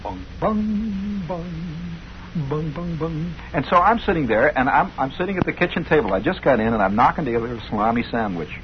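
A middle-aged radio host with a mid-range voice tells a rambling story laced with wry, sardonic asides. He talks very fast with lively intonation and hardly pauses. The audio is a dull, lo-fi old radio broadcast with faint hiss.

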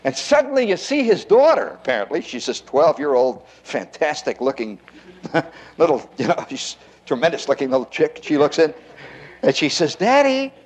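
A man's voice: fairly high pitch, moderate pace. A man doing a stand-up comedy routine, telling stories with laughs and rhetorical questions to the crowd. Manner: animated storytelling, frequent laughter, rhetorical questions to the audience.

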